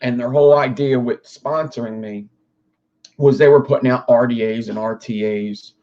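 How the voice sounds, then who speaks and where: A man's voice: medium pitch, fairly even intonation, moderate pace, dark tone, dull audio. Rambling young man on a livestream. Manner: rambling, swears freely, talks to chat. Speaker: livestream host. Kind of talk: casual livestream chat.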